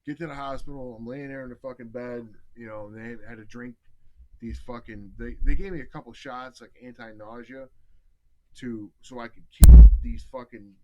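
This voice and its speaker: A man on a casual podcast, telling a story in a lively, swearing way. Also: medium pitch, normal speed, background noise. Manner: profane, animated storyteller. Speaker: podcast host.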